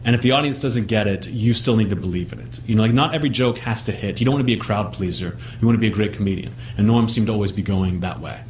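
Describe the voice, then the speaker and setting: A man's voice: on the low side, fast, hardly any pauses, a little mellow, a little hiss or hum. A man, a comedian guest on a talk show, telling brash, sardonic anecdotes in casual chat.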